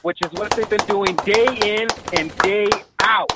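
A man's voice: high-pitched, a little slow, heavy background noise. A man calling in to a sports radio show, hyped and trash-talking as a fan. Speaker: caller. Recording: dry, tinny phone line.

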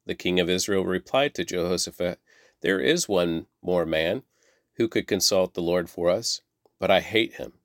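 Low-voiced man reading scripture. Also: moderate pace, no room sound, studio quality. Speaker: Bible reader.

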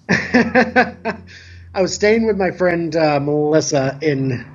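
A man's voice: a little high, lively intonation, takes it slowly, lo-fi sound, a little hiss or hum. A middle-aged man, a DJ and choreographer, telling easygoing stories in a casual chat and raising his voice for a child's lines. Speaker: guest, event DJ and choreographer. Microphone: remote call.

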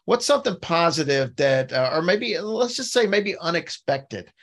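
A man's voice: a little high, very animated, moderate pace, a bit bright. A man hosting a podcast interview, asking easygoing, rambling questions. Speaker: podcast host. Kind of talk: casual interview.

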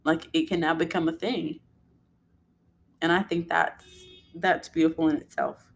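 A young adult woman, a mother, telling a story in a casual, animated way and acting out what people said. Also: low voice, a little slow, vocal fry, slight background noise. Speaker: vlogger, mother.

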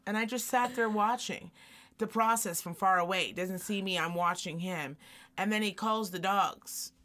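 A woman's voice: medium pitch, moderate pace, a bit bright. Chatty woman telling funny stories. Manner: candid, comic storytelling with acted-out quotes. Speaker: podcast co-host. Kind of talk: casual chat.

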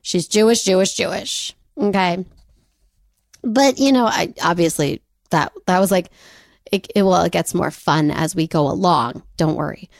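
A woman co-hosting a podcast, telling a story in a chatty, animated way with jokey asides and frequent laughs. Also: lowish voice, unhurried, creaky, no echo, clean studio sound. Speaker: podcast co-host. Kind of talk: casual storytelling chat.

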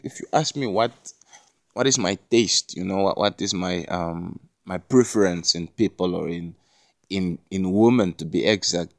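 A man's voice: medium pitch, no room sound, clean studio sound. A man hosting a solo podcast, talking casually in a rambling, profane way with many restarts. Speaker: podcast host.

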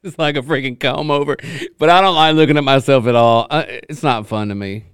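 Man, gravelly smooth voice, joking co-host, self-deprecating, dry close mic. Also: medium pitch, a little fast, fairly bright tone, no room sound. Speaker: podcast co-host. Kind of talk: casual podcast chat.

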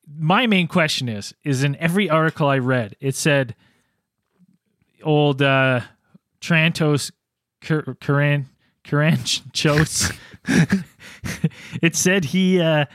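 A man's voice: a little high, slow pace, pauses often, dry recording, clean studio sound. A man co-hosting a podcast, asking rambling, jokey questions in casual chat. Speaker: podcast co-host.

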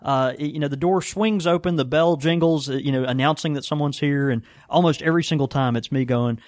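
A man, co-hosting a casual talk show from a small pipe shop, relaxed and chuckling, with lots of fillers and restarts. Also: a little high, brisk, dry recording, clean studio sound. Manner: laid-back, chuckling, many fillers and restarts. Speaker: podcast co-host and pipe shop worker. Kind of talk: casual chat.

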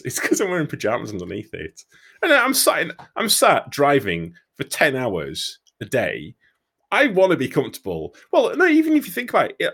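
A man's voice: mid-range voice, a bit bright. A man who drives trucks, chatting casually, rambling with frequent restarts and swearing freely. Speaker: truck driver, podcast co-host. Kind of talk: casual chat.

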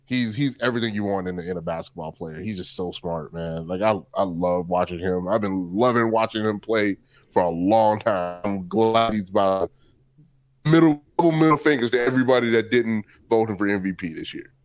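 A man co-hosting a sports podcast, rambling excitedly about basketball in casual chat. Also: fairly low pitch, normal speed. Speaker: podcast co-host.

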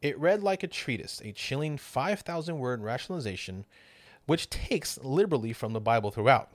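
A man's voice: mid-range voice, big pitch swings, moderate pace, no echo. A man hosting a podcast, narrating a true crime story with drama and casual swearing. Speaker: podcast host.

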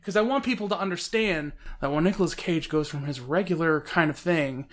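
High-voiced man rambling in casual chat. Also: quick pace. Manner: rambling, animated, restarts often. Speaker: podcast host reviewing films.

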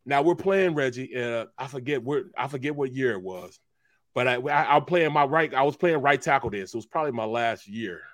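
A man's voice: mid-range voice, expressive, brisk, fairly bright tone, dry recording, clean studio sound. A middle-aged man, a former pro football player, co-hosting a sports talk show with emphatic, slangy storytelling.

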